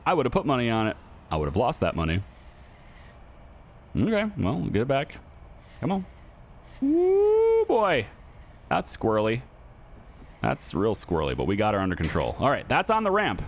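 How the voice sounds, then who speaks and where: A man's voice: lowish voice, wildly swooping pitch, a little fast, pauses often, a little hiss or hum. A middle-aged man giving casual, chatty commentary over a car dealing game, repeating his points and laughing easily. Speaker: gaming YouTuber.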